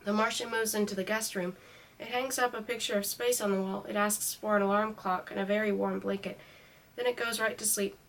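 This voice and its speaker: A woman reading a storybook aloud in a calm, even way, her mic a little distant. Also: medium pitch, a little fast.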